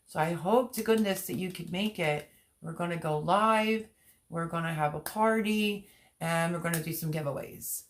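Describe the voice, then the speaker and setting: A woman hosting a live stream, chatting casually and reading out viewers' comments while greeting them by name. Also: fairly low pitch. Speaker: livestream host.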